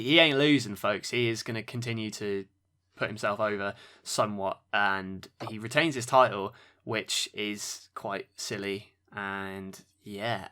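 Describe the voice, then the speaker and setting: A man's voice: fairly low pitch, sharp tone. A man hosting a wrestling podcast, giving dry play-by-play with sarcastic asides. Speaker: podcast host. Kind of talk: wrestling match review commentary.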